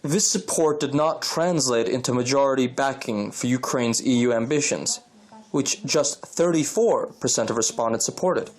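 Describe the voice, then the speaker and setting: Male news voice-over, mid-pitched, even formal read. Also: normal speed. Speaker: news reporter. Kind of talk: scripted news narration.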